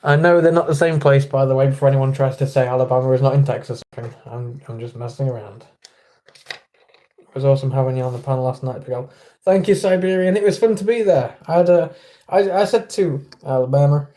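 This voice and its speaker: A man's voice: mid-range voice, brisk, warm tone. A man with an English accent hosting a casual livestream, chatting with viewers and greeting them by name. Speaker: livestream host.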